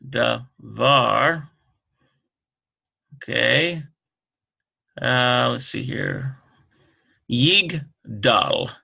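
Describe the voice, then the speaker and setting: A man teaching a relaxed language lesson, working through words slowly and thinking aloud with many fillers. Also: fairly high pitch, gravelly. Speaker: Hebrew teacher.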